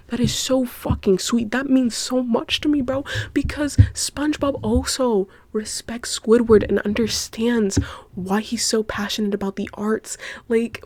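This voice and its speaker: A woman hosting a casual solo podcast, gushing excitedly, swearing a lot in slangy talk and giggling. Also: a little high, no room sound. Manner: giggly, breaks into laughter. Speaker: podcast host.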